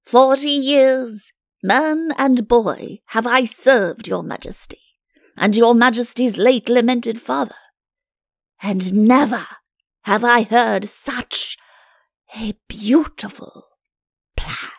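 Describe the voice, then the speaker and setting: A woman's voice: high-pitched, sing-song, unhurried, vocal fry, dry recording, studio quality, voice pushed up, full character voice. A woman voicing a pompous, quavering old male court chancellor in a storybook reading.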